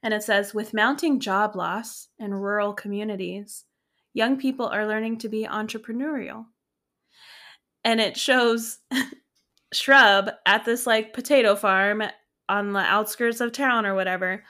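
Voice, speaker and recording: A young adult woman co-hosting a podcast, recapping a sitcom in casual chat full of "like" and quick laughs. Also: medium pitch, bright, forceful tone. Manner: chatty, lots of "like", quick laughs. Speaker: podcast co-host.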